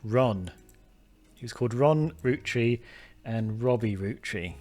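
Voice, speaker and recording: A man's voice: medium pitch, expressive, takes it slowly, pauses often, darkish tone, soft background music. A man casually commenting on a detective game as he plays, thinking aloud with lots of fillers and restarts, chatty and self-mocking. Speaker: gaming video host. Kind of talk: casual let's-play commentary.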